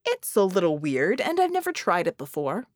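A woman's voice: on the low side, wildly swooping pitch, normal speed, no room sound, studio quality. Woman voicing a sarcastic genie hero. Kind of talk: audiobook character voice.

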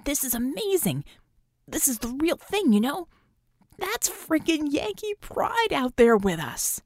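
A woman reading an audiobook, voicing a giddy, goofy young male acrobat who talks in an excited, boyish way. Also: low-pitched, normal speed, no room sound, studio quality, pitched below the performer's own voice.

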